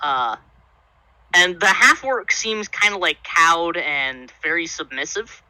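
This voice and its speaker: A man's voice: fairly high pitch, lively intonation, slow pace, bright, forceful tone, no room sound, rough recording. A man narrating a tabletop game as game master, with many fillers in a loose storytelling way.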